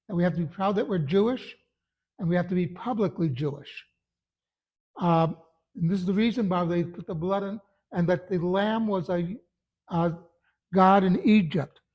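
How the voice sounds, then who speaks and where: A man's voice: high voice, dull audio. A man who is a religious teacher, giving a short Torah talk in an earnest, emphatic storytelling manner.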